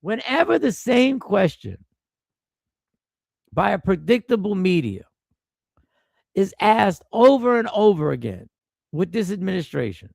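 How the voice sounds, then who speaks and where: Man, stream host, stuffy nose from a cold, gravelly, dry close sound, animated, repetitive. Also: high-pitched, unhurried, long pauses, dry recording. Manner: animated, riffing and repeating himself; greets viewers by name. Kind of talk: casual live-stream commentary and chat greetings.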